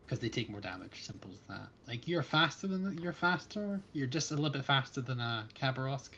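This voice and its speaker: Brief: animated Scottish guy, playful banter on a game stream, noisy mic. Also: mid-range voice, fairly quick, lo-fi sound. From Scotland. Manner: chatty and playfully opinionated. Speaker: fellow player on a livestream. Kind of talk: casual gaming livestream chat.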